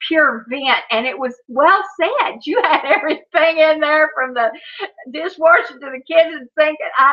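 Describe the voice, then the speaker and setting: Chatty woman vlogger, lo-fi sound. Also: high voice. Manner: chatty, frequent "you know" and self-restarts, laughs between words. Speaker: YouTube vlogger on a live stream. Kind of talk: casual rambling chat to viewers. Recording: dull lo-fi audio.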